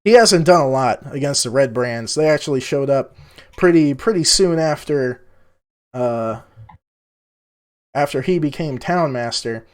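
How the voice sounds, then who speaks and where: A man's voice: mid-range voice, a little slow, pauses often, smooth, lightly acted. A man voicing a chatty middle-aged innkeeper who rambles and stammers.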